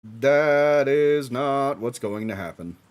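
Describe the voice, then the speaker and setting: A man streaming a live watch-along, reacting excitedly with frequent laughs and casual swearing. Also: medium pitch, takes it slowly.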